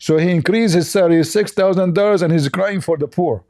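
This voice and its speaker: A man talks a little fast through scornful, sarcastic reaction commentary, his grammar broken as he rambles on. His pitch sits slightly high for a man, and his tone is mellow and dark.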